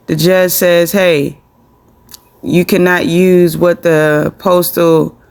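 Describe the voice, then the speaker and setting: A man's voice: on the high side, vocal fry, clear, resonant tone. A man giving casual, rambling commentary on a court case, with many restarts.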